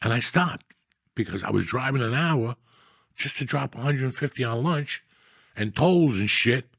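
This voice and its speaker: A middle-aged man tells rambling, profane stories in a blunt, casual way. His voice is gravelly and husky. The sound is dry and close, with no room echo. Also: medium pitch, lively intonation, normal speed, fairly bright tone. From New Jersey. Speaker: storyteller guest. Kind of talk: casual storytelling chat.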